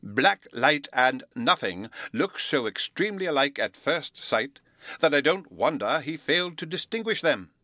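A fussy, absent-minded old professor lectures in a slow, high, pompous storybook voice, as a man reads him. The tone is bright and it swings up and down a lot. The sound is dry and close, with no room around it. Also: big pitch swings, no room sound, full character voice. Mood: pompous lecturing. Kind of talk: storybook reading.

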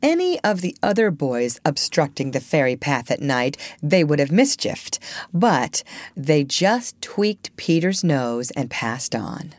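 A woman reading a children's classic aloud as an audiobook, in a measured, expressive storytelling manner. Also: low-pitched, no echo. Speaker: audiobook reader. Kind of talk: scripted storybook narration.

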